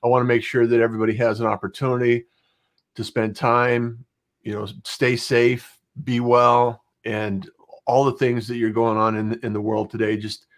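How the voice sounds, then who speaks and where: Here a middle-aged man hosts a podcast, his mid-range voice showing little pitch movement at a moderate pace. The interview chat is casual and rambling, full of fillers.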